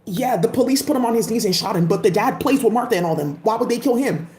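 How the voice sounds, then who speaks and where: A woman's voice: mid-range voice, animated, fast, darkish tone. A woman vlogger giving a casual, emphatic rant full of profanity. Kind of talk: casual ranting commentary. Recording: echoey room.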